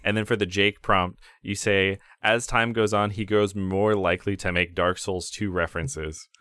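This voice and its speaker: A low-pitched man in casual podcast chat who rambles through fillers and breaks into laughter a lot. His voice is recorded close and dry, with no room sound behind it. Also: steady tone, normal speed, a bit bright, no echo. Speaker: podcast co-host.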